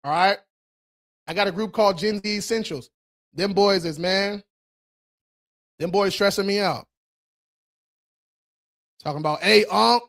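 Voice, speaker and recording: A man with a fairly high voice hosts a casual live-stream Q&A about credit. He talks loose and slangy, swears freely and laughs often, and he keeps firing off quick rallying calls to his viewers. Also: fairly bright tone. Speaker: credit repair host.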